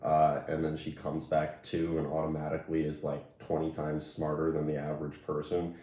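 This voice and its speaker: A man being interviewed, answering questions in a relaxed, conversational way with plenty of fillers. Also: very deep voice, moderate pace, reverberant, recorded from a distance. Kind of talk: casual conversation.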